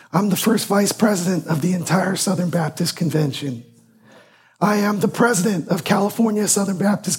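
Hoarse husky middle-aged pastor. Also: male voice, high-pitched. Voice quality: husky, raspy. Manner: warm, earnest, with repeated emphatic phrases. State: hoarse, losing his voice. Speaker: guest pastor. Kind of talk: sermon. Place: church sanctuary.

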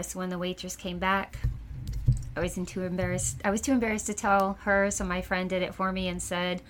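A woman speaking as a psychic medium in a casual interview, telling her stories in a chatty, animated way and laughing often. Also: mid-range voice, moderate pace, slight background noise.

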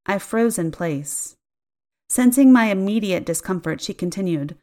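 A woman narrating a first-person story in an expressive, audiobook storytelling style. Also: medium pitch, unhurried. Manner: expressive storytelling, acting out dialogue.

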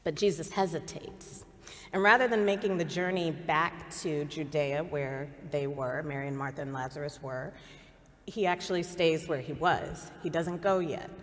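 A woman preaches a sermon at a deliberate, unhurried pace, leaning into earnest pauses. Her voice sits a little low. The sound carries the long reverb of a large church sanctuary. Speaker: pastor.

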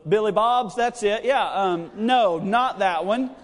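High-voiced preacher in a reverberant hall. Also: male voice, takes it slowly. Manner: chatty and joking, many fillers. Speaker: pastor. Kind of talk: sermon with personal storytelling. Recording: long reverb of a church hall.

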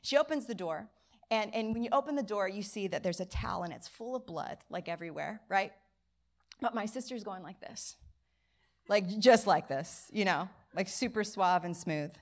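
A woman preaches to her church, spinning a childhood story with animated, acted-out dialogue. Her voice sits at an ordinary middle pitch and carries the easy rhythm of a practiced preacher. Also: moderate pace. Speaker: pastor. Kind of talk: sermon with personal story. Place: church service.

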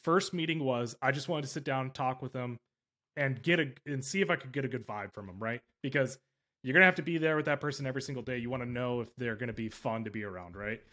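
A man's voice: medium pitch, fast talker, bright, forceful tone. A man hosting a podcast interview in casual chat, talking at length, emphatic and often correcting himself mid-sentence. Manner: rambling and emphatic, with frequent self-corrections. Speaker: podcast host.

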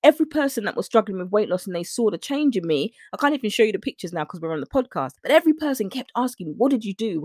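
A woman's voice: mid-range voice, dry recording, clean studio sound. A woman, a nutrition coach, telling her own story on a podcast in an earnest, emotional way and acting out her own past thoughts. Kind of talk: personal testimony on a podcast.

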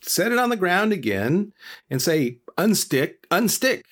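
A man's voice: very animated, measured pace, fairly bright tone, full character voice. A man voicing a laid-back male Buddha who talks like an easygoing surfer dude. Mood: chill. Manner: slangy, easygoing, higher pitched.

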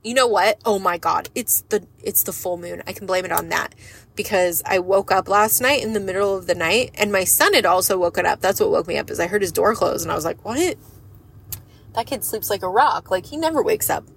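A woman's voice: mid-range voice, fairly quick, creaky, breathy edge. Frank, rambling woman vlogger. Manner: frank and rambling, swears casually; emotional and earnest. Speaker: lash business owner and vlogger. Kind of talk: candid personal monologue.

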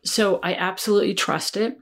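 Speaking briskly in a mid-range voice with fairly even intonation, a life coach on a podcast recounts a personal story. She is earnest and reflective, softening her voice during the tender parts.

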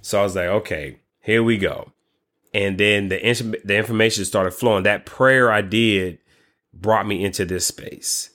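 A man's voice: lowish voice, measured pace. A man who works as a credit repair coach, telling a story casually, with lots of restarts, exclamations and swearing. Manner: animated, frequent restarts and exclamations.

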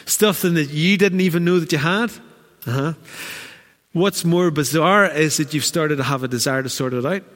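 Pastor preaching in a reverberant church. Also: male voice, fairly high pitch, measured pace. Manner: animated, acts out quoted voices. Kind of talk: sermon. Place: church hall. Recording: church hall with long reverb.

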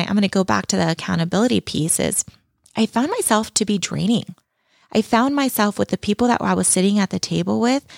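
A woman's voice: medium pitch, creaky, dry recording, studio quality. A middle-aged woman speaking as a guest in an interview, earnest and heartfelt, repeating key words for emphasis. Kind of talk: reflective personal interview talk.

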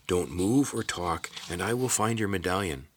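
A man voicing a steady young hero who gently reassures a frightened companion. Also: deep voice, moderate pace, slightly rough, no room sound. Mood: hushed.

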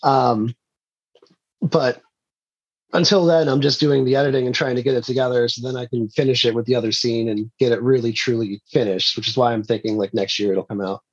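A man's voice: medium pitch, steady tone, brisk, breathy edge, dull audio. A man, an indie filmmaker, telling rambling stories in a casual interview and laughing often.

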